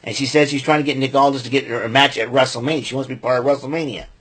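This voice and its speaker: A man's voice: medium pitch, fairly even intonation, racing, a bit bright, slightly rough. A man hosting a podcast, giving a rambling casual recap with lots of fillers and restarts and blunt opinions. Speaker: podcast host recapping wrestling.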